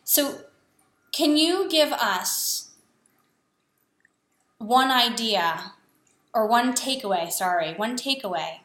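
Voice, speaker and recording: A woman hosting an interview, speaking in a warm, effusive and emotional way. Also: fairly high pitch, lively intonation, takes it slowly, long pauses. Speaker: interview host. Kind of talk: casual interview talk. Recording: roomy echo.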